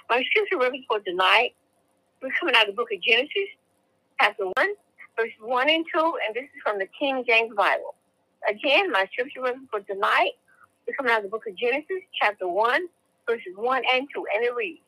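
A woman's voice: fairly high pitch, expressive, a little fast, bright, forceful tone, dry recording, rough recording. A woman deaconess leading a spoken prayer in a rhythmic, repetitive liturgical style, then reading scripture.

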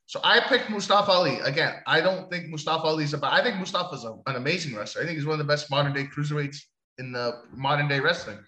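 A man co-hosting a casual talk show, animated and jokey, swearing often. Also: a little high, fast talker, echoey room, rough recording. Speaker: podcast co-host. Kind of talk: casual chat.

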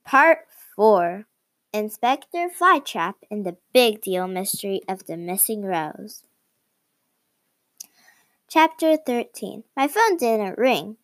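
A woman reading a children's chapter book aloud in a slow, careful storybook manner. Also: medium pitch, sing-song, no room sound. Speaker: reader.

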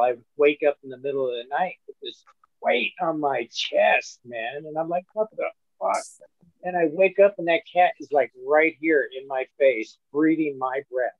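A man's voice: fairly high pitch, moderate pace, dry recording. A man with a mid-range voice, heard on a muffled, dry, lo-fi recording. He tells an easygoing story and swears casually. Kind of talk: casual chat.

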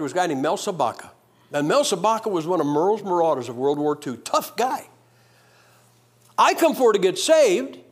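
A man preaching a revival sermon, telling his own testimony in an animated storytelling way that swings from loud to hushed. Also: high-pitched.

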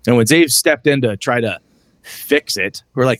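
Talking at a moderate pace in a medium-pitched, fairly bright voice, a man co-hosts a relaxed podcast about tabletop gaming. He meanders through anecdotes and performs his friends' lines, with no echo in the recording.

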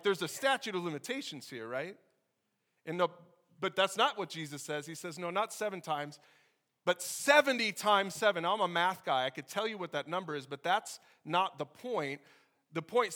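High, bright-voiced energetic male preacher. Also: brisk. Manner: energetic, conversational preaching with sudden loud outbursts. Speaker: pastor. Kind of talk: sermon.

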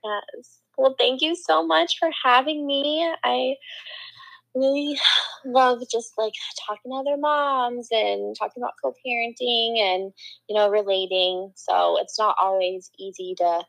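A woman's voice: a little high, steady tone, unhurried, creaky, a bit bright, poor audio. A young woman talking as a podcast guest, chatting casually and laughing often. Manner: chatty, laughs often, says "oh my gosh" a lot. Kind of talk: casual chat.

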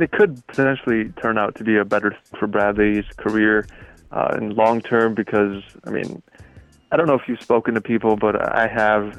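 A man's voice: on the low side, low-quality recording. A man appearing as a guest sports writer on a podcast, giving confident, emphatic opinions. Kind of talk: casual sports chat.

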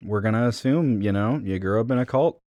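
A man's voice: fairly low pitch, fairly quick, darkish tone, dry recording. A man from New York co-hosting a podcast, chatting casually and wryly, full of hesitations and fillers. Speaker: podcast co-host. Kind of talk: casual chat.

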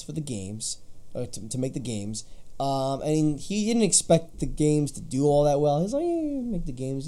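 Dude on a gaming podcast, mellow dark voice, loose and chatty, lots of ums. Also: male voice, medium pitch. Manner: relaxed, chatty, lots of fillers and restarts. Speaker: podcast co-host reading news. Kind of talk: casual gaming podcast chat.

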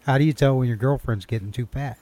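A male stream host who chats loosely and cracks jokes between laughs. His voice sits at an ordinary pitch, with faint noise in the background. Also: quick pace, mellow. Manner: joking, laughs often. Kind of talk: casual chat.

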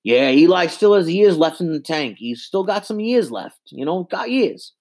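A man doing an impression of a gruff sports radio host, droning and repeating himself. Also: on the high side, expressive, moderate pace, a little mellow, pitched above the performer's own voice. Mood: smug.

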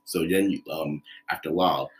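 Very deep-voiced fast-talking young man. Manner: relaxed, rambling with many fillers. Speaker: film director guest. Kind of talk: casual conversation.

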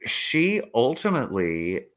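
A man co-hosting a casual chat, telling a story with animated delivery and acted-out quotes. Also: slow. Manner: animated, acts out quotes with swooping pitch. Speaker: podcast co-host.

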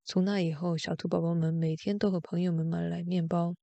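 A woman hosting a show, reading a bedtime story in a gentle, steady way. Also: on the low side, brisk, creaky, no echo. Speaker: storyteller host.

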